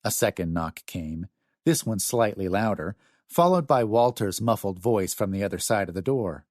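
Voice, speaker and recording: Brief: male audiobook narrator, expressive, deep-ish, dry studio sound. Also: moderate pace, no echo.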